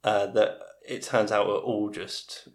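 A man's voice: fairly low pitch, flat delivery, a little slow. A man in his forties, a podcast guest telling long family stories, often restarting his sentences. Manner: rambling, self-interrupting storyteller. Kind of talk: casual storytelling in a podcast interview. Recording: roomy podcast recording.

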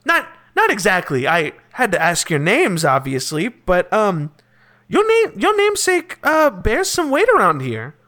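A man's voice: high voice, wildly swooping pitch, measured pace, pushed and bright, heavily acted. A man playing a chatty old sky-city president. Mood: friendly. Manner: rambling, hesitant. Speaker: game master. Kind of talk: improvised tabletop role-play.

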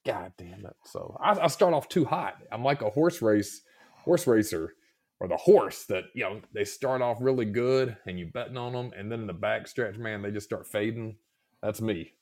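A man's voice: fairly low pitch, normal speed, darkish tone. A man hosting a podcast in casual chat, slightly scratchy in the throat, rambling, swearing freely and poking fun at himself. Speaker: podcast host.

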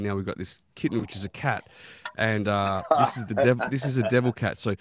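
A man hosts a relaxed podcast chat, rambling through long stories with plenty of swearing. His voice sits a little low, recorded dry and close with no room around it. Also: fast talker, few pauses, no room sound. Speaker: podcast host. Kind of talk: casual chat and storytelling.

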